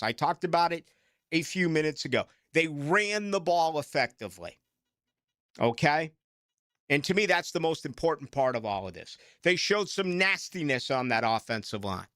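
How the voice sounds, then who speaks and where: A man's voice: on the high side, expressive, moderate pace, a bit bright, no echo, clean studio sound. A middle-aged man with a Boston accent, hosting late-night sports talk radio in a rambling, self-mocking way.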